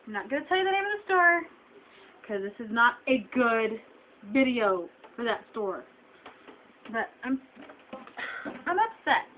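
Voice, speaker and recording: A woman's voice: on the high side, sing-song, a little slow, long pauses, slight background noise. A young woman venting to her camera, telling an upsetting story with indignant emphasis. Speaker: vlogger. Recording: dull lo-fi webcam audio.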